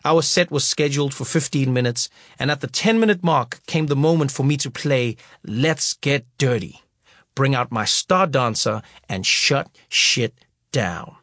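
A man's voice: mid-range voice, unhurried, dry recording, studio quality. A man from Africa, narrating his memoir as an audiobook, acting out the scenes as he goes. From South Africa. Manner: lively storytelling that acts out scenes.

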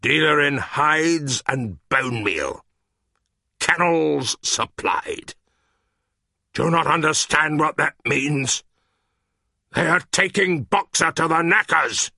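A man's voice: takes it slowly, vocal fry, pauses often, no room sound, clean studio sound, full character voice. A man voicing an old, cynical male donkey who is crying out in alarm with a strained, raised voice. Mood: grim reading. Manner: shouting in alarm, strained high voice.

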